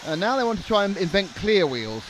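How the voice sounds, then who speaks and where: A man's voice: high voice, very animated, fairly quick, fairly bright tone. A young man doing live race commentary in a joking, rambling way, often stammering and restarting. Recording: noisy trackside broadcast.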